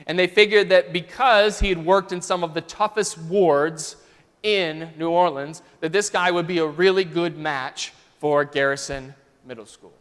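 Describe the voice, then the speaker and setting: A man preaching in a church sanctuary, telling a story in a smooth, resonant voice that sits a little high for a man. He shifts between loud and soft passages as he tells it, and long church reverb rings after each phrase. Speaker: pastor. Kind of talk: storytelling sermon.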